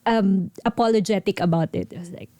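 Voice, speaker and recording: A woman's voice: medium pitch, a little fast, dark tone, no echo, clean studio sound. A woman co-hosting a podcast, telling a story in a rambling, casual way with many fillers. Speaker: podcast co-host.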